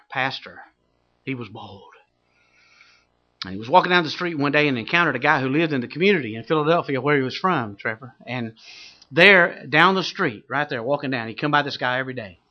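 A pastor preaching a sermon, telling a story with dramatic swings from loud to hushed. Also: male voice, medium pitch, muffled recording.

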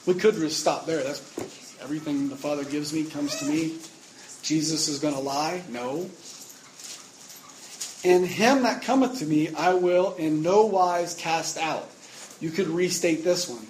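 A man preaching a sermon, emphatic, getting louder on repeated words. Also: on the high side, unhurried, slight background noise, poor audio.

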